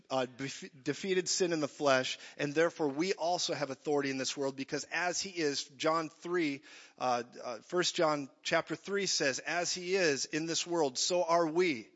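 High-ish bright preacher guy, lively sermon, acts out little voices, hall echo, muffled. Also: normal speed. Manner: animated, jokey, acts out voices. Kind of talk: energetic sermon. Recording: dull echoey hall.

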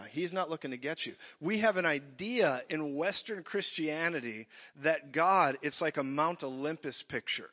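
A man preaching an energetic sermon, joking and acting out voices as he goes. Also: on the high side, moderate pace, few pauses. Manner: animated, jokey, acts out voices. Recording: dull echoey hall.

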